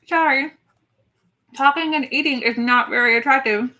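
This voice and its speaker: A woman's voice: sits high, normal speed, long pauses, sharp tone. A woman co-hosting a live watch party stream, chatting playfully and greeting viewers by name. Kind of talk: casual live-stream chat.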